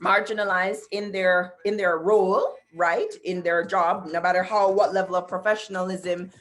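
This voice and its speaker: A woman's voice: lowish voice, steady tone, moderate pace, fairly bright tone. A middle-aged woman hosting a talk show over a video call, telling stories emphatically and speaking straight to her audience. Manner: storytelling, addresses audience directly, emphatic. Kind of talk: casual talk show monologue. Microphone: computer mic on video call.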